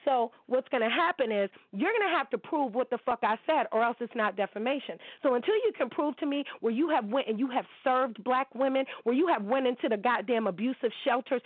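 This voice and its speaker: A woman in her forties hosts a ranting commentary show, blunt and full of profanity as she calls people out. Her voice sits a little high and comes through thin and tinny, like a phone line. The sound is dry, with no room around it. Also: no echo. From United States. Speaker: podcast host.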